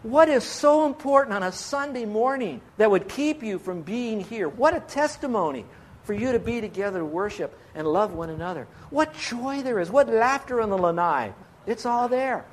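Man, pastor, sermon, high voice, earnest, pleading, rhetorical questions. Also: animated, normal speed.

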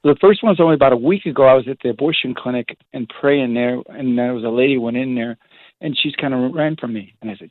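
A priest talks fast, piling up stories with restarts and animated asides. His voice comes through a thin, tinny phone line with no room sound at all. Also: medium pitch, no echo. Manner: rambling, animated storytelling with restarts. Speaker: priest, guest. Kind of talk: casual storytelling on a phone-in show.

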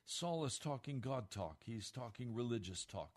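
A man's voice: mid-range voice, expressive, a little slow, hardly any pauses. A man preaching a sermon as pastor, earnest and blunt.

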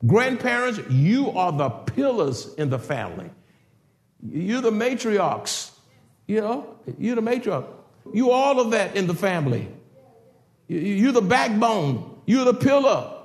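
An older man preaching a sermon in a church, swinging from shouted exhortation to hushed passages. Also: high-pitched, sing-song, takes it slowly. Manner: preaching with rising shouts and sudden quiet passages. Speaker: pastor. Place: church sanctuary. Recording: roomy church echo.

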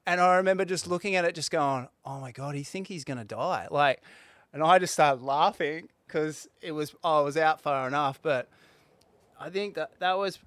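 Aussie ex-pro surfer, middle-aged, clear smooth tone, chatty, rambling, laughs often. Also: male voice, a little high, normal speed, fairly bright tone, no echo. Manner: rambling, restarts, laughs mid-story. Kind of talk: casual storytelling chat.

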